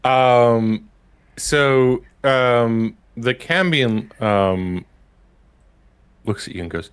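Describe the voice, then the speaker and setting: A man's voice: mid-range voice, very slow, long pauses, clean tone. A man narrating as game master of a tabletop game stream. He explains rules and scenes with frequent ums.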